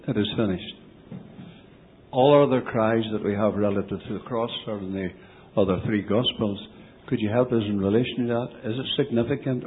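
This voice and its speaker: A man politely posing a question in a Bible study discussion. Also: fairly low pitch. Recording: tinny phone-line recording with faint hiss.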